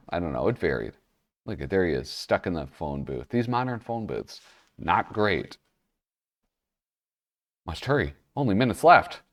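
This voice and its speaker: A male show host who reviews comic magazines chats casually while flipping pages, his lowish voice expressive but slightly off-mic and distant. He rambles, interrupts himself, and drops chuckling asides.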